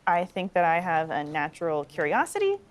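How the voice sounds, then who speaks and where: A woman improvising her character in a comedy tabletop role-play, excitable and tripping over her words. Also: on the low side, a little fast. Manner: excitable, stammering restarts. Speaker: player.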